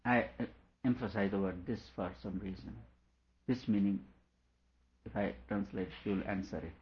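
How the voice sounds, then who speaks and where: Low-voiced man explaining a text. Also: normal speed, pauses often, muffled recording, slight background noise. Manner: reads a passage aloud, then comments on it with small laughs. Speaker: teacher. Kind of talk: reading and explaining a philosophical text.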